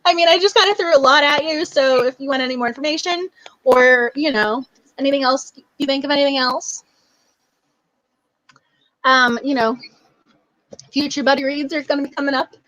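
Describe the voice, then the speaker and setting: A young woman with a high, bright voice hosts a book club livestream, chatting in a warm, gushing way. She sounds close and dry, with no room behind her. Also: normal speed, pauses often, no echo, poor audio. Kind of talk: casual livestream chat.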